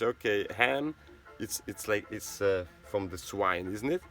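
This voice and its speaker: Faint music plays behind a fairly low, slightly slow male voice with a fairly bright tone. He's Swiss, a native Swiss German speaker whose English carries that accent, and his rambling monologue is peppered with "you know" and "right?".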